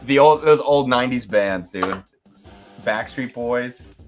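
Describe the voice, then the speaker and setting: A man's voice: medium pitch, slow, over music. Laid-back man chatting as a guest. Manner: relaxed, laid-back with filler words. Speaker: guest drummer. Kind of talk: casual live-stream chat.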